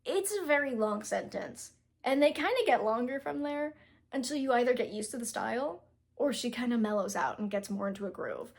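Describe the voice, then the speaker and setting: A woman's voice: on the high side, lively intonation, fairly quick, gravelly. Chatty young woman reviewing a book. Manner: chatty, self-deprecating, frequent fillers and restarts; reads passages aloud, stumbling over words. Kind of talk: casual book review chat.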